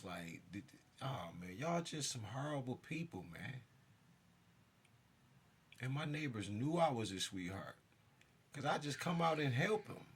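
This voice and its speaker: Gravelly, husky man ranting. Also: mid-range voice, a bit bright. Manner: intense, profane, addresses listeners directly; jumps around while talking. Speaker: self-styled spiritual figure. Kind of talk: ranting monologue to camera.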